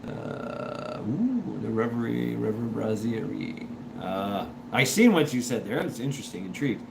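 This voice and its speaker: This livestream host is a man with a gravelly voice at a moderate pace, rambling casually as he reads chat. He reacts in halting bursts, says things more than once, and lets his pitch roam, all over a constant background hiss.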